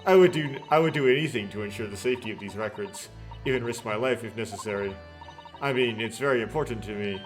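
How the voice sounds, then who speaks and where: A man's voice: fairly low pitch, fast, over music, close to an everyday voice. A man reading aloud as a devoted, earnest young woman who serves as a legal assistant in a game. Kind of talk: game dialogue read-aloud.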